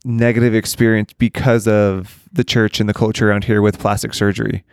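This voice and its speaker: Man asking measured interview questions. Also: on the low side, little pitch movement, vocal fry, no echo, clean studio sound. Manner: measured questioning, searching for words. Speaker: podcast host. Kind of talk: casual podcast interview.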